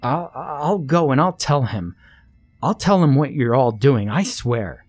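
A man's voice: mid-range voice, animated, unhurried, breathy edge, soft background music, pitched above the performer's own voice. A man voicing a scared, timid young boy whose voice shakes and cracks as he pleads. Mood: frightened pleading.

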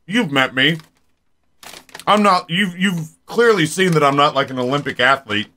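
Streamer, forties, male: rambling casual chat, bright tone, a bit higher voice. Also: lively intonation, moderate pace. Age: 40s. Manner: rambling, chatty, talks straight to viewers.

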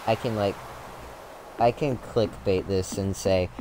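Man, lowish voice, playful teasing streamer, casual swearing, noisy home audio. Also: steady tone, slow pace, pauses often, warm tone. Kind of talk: casual live-stream chat.

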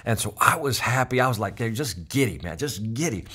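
A middle-aged man speaking as a sales speaker, telling a personal story in an animated way and acting out the quotes. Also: mid-range voice, fairly quick, husky. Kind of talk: storytelling talk.

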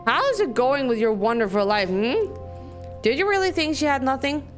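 A woman's voice: high-pitched, big pitch swings, moderate pace, soft background music. A woman reading aloud a grieving, bitter woman who defends her dead sister in a narrative game. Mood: bitter, accusing. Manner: bitter and accusing.

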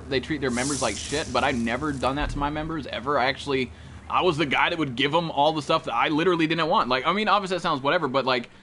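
A man's voice: medium pitch, a bit bright, a little hiss or hum. A young man streaming a video game, talking to his chat with brash, profane trash talk. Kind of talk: live gameplay commentary.

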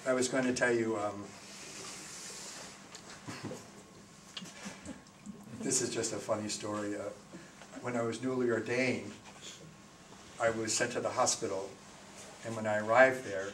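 A man's voice: on the low side, unhurried, long pauses. A man, a priest, giving a talk to a parish group and answering questions, telling stories with jokes. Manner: animated storyteller, joking. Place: parish hall with audience. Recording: roomy, distant, noisy hall recording.

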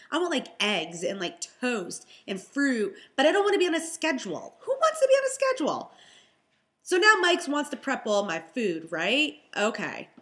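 Chatty high-voiced pregnant woman. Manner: chatty, animated, exasperated storytelling. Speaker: vlogger, health and fitness coach. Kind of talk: casual storytelling vlog.

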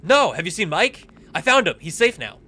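A young man doing let's play commentary, excitable, reacting loudly and laughing. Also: high-pitched, normal speed. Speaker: gaming YouTuber.

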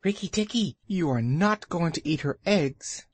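A man voicing a high sing-song male songbird, flighty, boastful, gushing, storybook reading. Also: lively intonation, a little slow, slightly rough, no room sound. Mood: chirpy. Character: excitable little male tailorbird, boastful, flighty.

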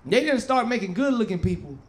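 A young man doing a stand-up comedy set on stage, loud and streetwise, bantering with the crowd. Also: very high-pitched, big pitch swings, quick pace. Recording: live show, loud crowd laughter and noise.

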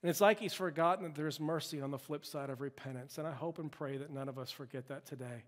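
Guy pastor preaching hard, voice kinda high, big echoey church sound. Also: quick pace. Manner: impassioned preaching, rising to loud emphatic peaks. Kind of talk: sermon. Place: church sanctuary. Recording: long church-hall reverb.

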